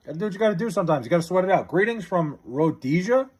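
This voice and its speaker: A man livestreaming from his house, casually chatting and reading out viewer comments, loose and profane, drawling joke names slowly. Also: high-pitched, expressive, a little mellow, breathy edge. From New York area.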